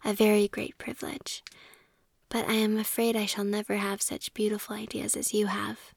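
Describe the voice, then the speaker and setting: A woman's voice: mid-range voice, flat delivery, moderate pace, gravelly, no room sound, clean studio sound. A woman voicing a meek, humble young man, a poor gardener, in a whispered role-play, speaking timidly and deferentially.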